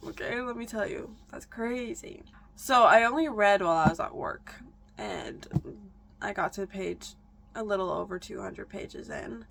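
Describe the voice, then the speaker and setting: A woman's voice: mid-range voice, vocal fry, fairly bright tone, a little hiss or hum. A young adult woman chatting casually in a reading vlog, rambling and correcting herself as she goes. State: out of breath. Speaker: book vlogger.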